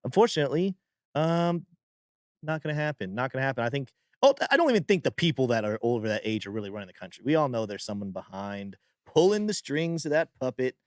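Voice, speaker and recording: A male co-host chats casually and wryly about politics. His pitch moves around a lot. The sound is dry and close. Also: sing-song, quick pace, darkish tone, dry recording. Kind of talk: casual chat.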